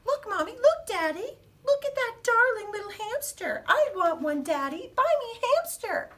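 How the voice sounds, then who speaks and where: A woman voicing a small girl whining to her parents for a hamster, in a high shrill voice. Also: sing-song, moderate pace, a bit bright, full character voice. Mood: begging. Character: whiny little girl begging for a hamster.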